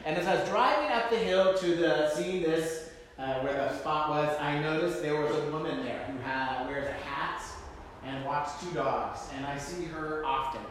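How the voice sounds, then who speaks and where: A man preaching a relaxed sermon, telling a personal story with self-deprecating humor, frequent fillers and asides. His slightly high voice rings out through a large, echoey hall. Faint room noise sits under it. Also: moderate pace. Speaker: pastor.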